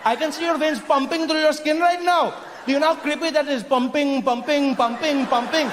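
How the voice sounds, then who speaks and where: A man's voice: very high-pitched, fairly quick, background noise, pitched above the performer's own voice. Comedian doing a teasing local man. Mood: mocking. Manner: bossy, teasing, clipped grammar. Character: blunt Indian local man, mocking. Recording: echoey hall, crowd laughter.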